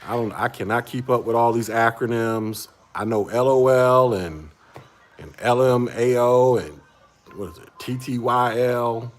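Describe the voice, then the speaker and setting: A man's voice: mid-range voice, unhurried. A man in his forties, a livestream host, chatting casually with viewers in a laid-back way and laughing often. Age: 40s.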